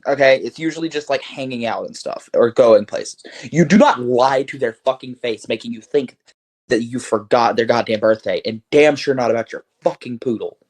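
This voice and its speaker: Brief: male podcast co-host, mid-pitched voice, profane ranting in casual chat. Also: moderate pace. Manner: ranting, heavy swearing.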